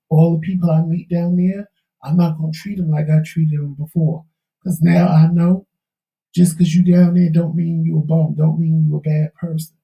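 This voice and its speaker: A man sharing a hard-won life lesson in a candid, preachy talk-show chat, his slang loose and his voice gravelly and wearing thin. The tone is dark and mellow. He sounds set back from the mic in a roomy, echoing space. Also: fairly high pitch, recorded from a distance. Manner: preachy, emphatic, folksy Southern-tinged slang. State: losing his voice.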